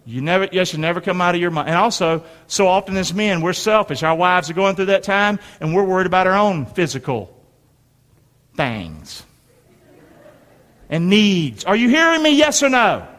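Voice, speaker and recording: In a church sanctuary with long hall reverb, a middle-aged male pastor delivers an emphatic sermon in a call-and-response style, urging the congregation to reply. His voice sits high and is fairly bright, expressive, and moderately paced.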